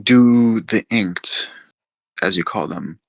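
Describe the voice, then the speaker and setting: A man plays a blunt, practical agent with a low voice who drags out each question very slowly. The recording is dry and lo-fi. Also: dry recording. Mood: curious. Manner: slow, deliberate questions. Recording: dull, lo-fi mic.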